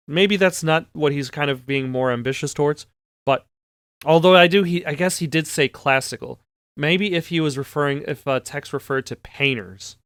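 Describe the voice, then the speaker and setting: Smooth-voiced man doing gameplay commentary. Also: a little high, fairly bright tone, no echo, clean studio sound. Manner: reads game text aloud with wry asides. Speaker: let's play host.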